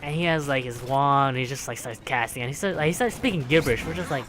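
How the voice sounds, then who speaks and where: A man's voice: medium pitch, fast talker, background noise. A young man telling a casual story, rambling and filling it with "like" and "right?", with music behind. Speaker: vlogger.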